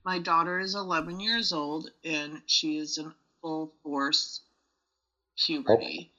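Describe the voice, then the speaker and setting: An earnest woman asks politely for advice, and her voice sounds very bright and sharp. The recording has a dull, lo-fi quality. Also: low voice, steady tone, takes it slowly. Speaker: caller asking for advice. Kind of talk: recorded question.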